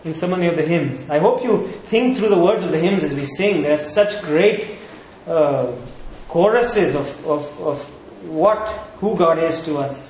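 A man's voice: on the high side, a little slow, darkish tone. A man preaching a sermon as pastor, asking rhetorical questions and repeating points for emphasis. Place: church. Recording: echoey church hall with faint noise.

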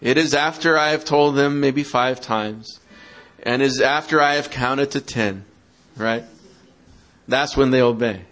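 A man's voice: medium pitch, unhurried, fairly bright tone, soft background music. Man preaching to parents. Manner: interactive, asks the audience questions; acts out quoted excuses in a mocking tone. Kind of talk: sermon.

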